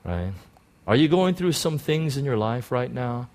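A man delivers a sermon as a personal testimony, his voice middle-pitched. He tells the story with animated excitement, often restarting his sentences as he goes. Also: a little slow. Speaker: preacher.

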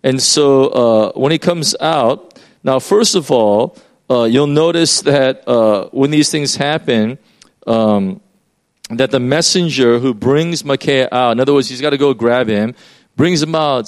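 A man's voice: medium pitch, a little slow. A man preaching a sermon in a loose, conversational way, explaining as he goes with many fillers and restarts.

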